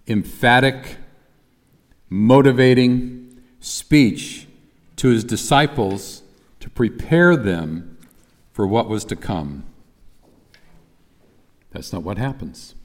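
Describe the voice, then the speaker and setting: A man's voice: medium pitch, big-room sound. A man preaching a sermon in a conversational way, at times reciting lines with emphasis. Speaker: pastor.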